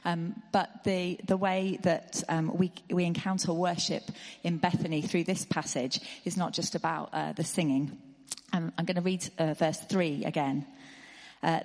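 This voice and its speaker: A woman's voice: lowish voice, steady tone, a little slow, a little mellow. A woman giving part of a sermon in a friendly, conversational way with fillers. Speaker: church speaker. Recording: long church hall reverb.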